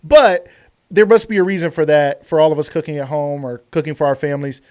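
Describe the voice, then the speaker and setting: A man's voice: on the high side, steady tone, fast talker, a little mellow, slight background noise. Playful, joking male stream host. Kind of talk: live stream banter.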